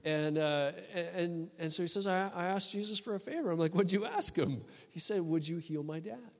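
A man preaching and telling a story to a church, with many restarts and a lively storytelling delivery. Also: high-pitched, normal speed. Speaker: guest preacher. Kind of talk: sermon storytelling. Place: church hall. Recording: long reverb of a church hall.

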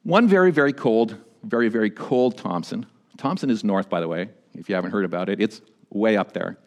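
Animated man preaching a sermon. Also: brisk. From Canada. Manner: animated preaching, rising to emphatic peaks and dropping low for stories. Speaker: pastor.

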